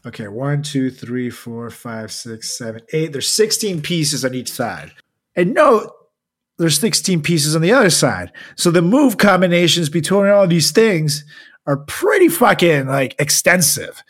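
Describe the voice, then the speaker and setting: Guy on a podcast joking around, kinda high voice that jumps all over. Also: sing-song, a little slow, fairly bright tone. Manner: joking, crude, laughs often. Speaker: podcast co-host. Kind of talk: casual podcast chat with a read ad.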